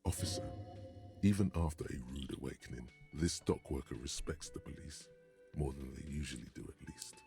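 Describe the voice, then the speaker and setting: Deep, dark-toned game narrator, wry and measured, soft music behind. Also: male voice.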